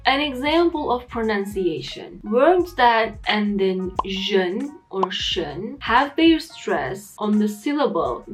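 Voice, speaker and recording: Young woman with a Turkish accent, hosting an English-learning video; earnest, opinionated delivery at a mid pitch, with soft music underneath. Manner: earnest, opinionated, lively emphasis. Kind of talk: explanatory vlog talk to camera. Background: faint background music.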